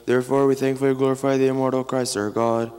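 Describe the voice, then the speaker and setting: A man with a mellow, smooth voice reads hymn texts steadily with little pitch movement. The church adds a long, hanging reverb. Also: level tone, fast, faint music behind. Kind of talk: liturgical hymn reading.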